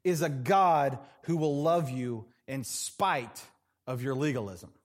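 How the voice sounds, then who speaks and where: A male pastor preaching a sermon in a church, dramatic, swinging from loud passages to hushed ones. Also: medium pitch, slow pace.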